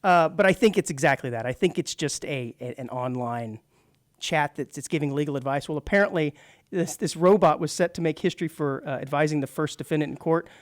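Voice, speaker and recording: A man's voice: on the high side, fairly quick, no room sound, studio quality. A man co-hosting a radio talk show in casual chat, chatty and laughing often, with frequent restarts.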